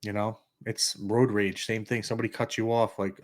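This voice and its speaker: A man's voice: on the low side, flat delivery, normal speed. Blunt middle-aged man, podcast co-host. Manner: blunt, storytelling with acted quotes. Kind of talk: casual podcast conversation.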